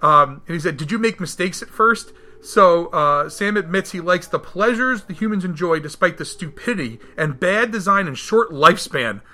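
A man recapping a movie in casual chat, animated and acting out the characters' lines. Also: normal speed, few pauses. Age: adult, married. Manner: animated, acts out quotes with big jumps in pitch. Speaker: podcast co-host reviewing a film.

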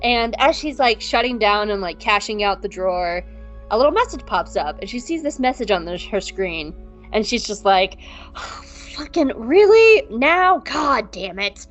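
A woman co-hosting a podcast, recapping an episode in a casual, animated and profane way. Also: mid-range voice, normal speed, soft background music. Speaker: podcast co-host.

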